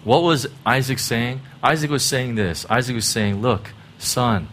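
A man's voice: mid-range voice, moderate pace, a bit bright, a little hiss or hum. A middle-aged man preaching a sermon in a conversational way, often checking in with "right?" and "you know". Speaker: pastor.

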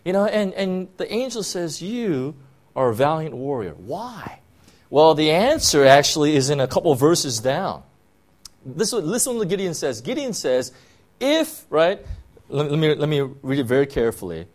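A man's voice: a little high, sing-song, moderate pace. A man preaching a sermon to his church, talking in a loose, conversational way and often checking in with "you know" and "right?". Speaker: pastor.

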